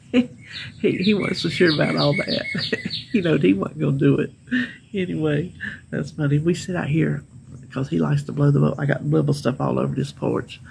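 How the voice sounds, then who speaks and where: A woman's voice: sits low, moderate pace, vocal fry, long pauses, background noise. A middle-aged woman with a Southern American accent, chatting to camera on her porch and laughing often as she tells stories. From Southern United States. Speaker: weight-loss vlogger. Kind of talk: casual chat to camera. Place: home porch, outdoors. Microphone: phone camera.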